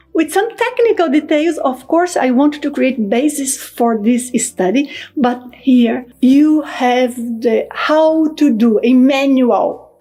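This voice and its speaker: A woman who authored a book, calmly and methodically explaining an energy technique step by step, like a teacher. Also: sits high, husky.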